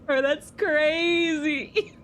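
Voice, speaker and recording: A young woman streaming a game, giggling often and swearing loudly between her comments. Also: sits high, steady tone, extremely slow, slight background noise. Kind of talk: casual gameplay commentary.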